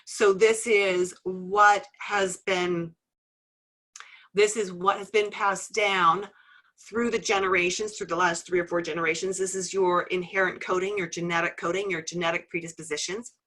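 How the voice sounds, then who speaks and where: A middle-aged woman teaching a live webinar as an instructor, friendly and gently teasing, explaining things step by step. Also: on the low side, fairly even intonation, moderate pace. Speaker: iridology instructor.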